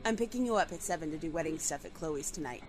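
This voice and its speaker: A woman's voice: deep voice, lively intonation, fast talker. A woman playing a sarcastic, dramatic young female friend who teases and bargains. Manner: sarcastic and theatrical.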